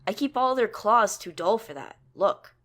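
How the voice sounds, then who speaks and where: A woman's voice: medium pitch, expressive, unhurried, fairly bright tone, pitched above the performer's own voice. A protective troll father who speaks in firm, emphatic lines, played by a woman reader. He sounds sure and insistent. He is a storybook figure.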